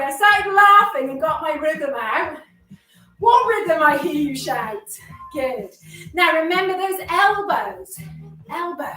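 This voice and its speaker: A woman leading an exercise class in a very high voice, cheering people on with a steady, unhurried delivery. She sounds slightly out of breath from moving along with the class. The recording is roomy and picked up from a distance, with faint music behind her. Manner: upbeat, encouraging, chatty with self-deprecating jokes. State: a bit out of breath while exercising. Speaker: exercise instructor. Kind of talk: live workout class instruction.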